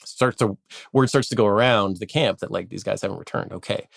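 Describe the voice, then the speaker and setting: A man casually telling a history story on a podcast, animated, acting out quotes and laughing often. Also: fairly low pitch, brisk, gravelly, dry recording, clean studio sound.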